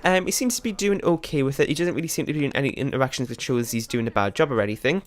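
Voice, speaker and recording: A man giving casual gameplay commentary as a let's play host, rambling and chatty with many fillers and quick laughs. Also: medium pitch.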